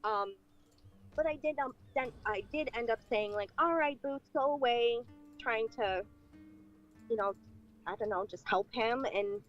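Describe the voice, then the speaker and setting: A woman with a slightly high voice recounts a personal story on a podcast, chatty and full of fillers as she acts out old conversations. The recording sounds dull and lo-fi, with soft music beneath it. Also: unhurried, long pauses. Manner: chatty, filler-heavy, acting out past dialogue. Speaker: guest telling a personal paranormal story. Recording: dull lo-fi clip with faint music.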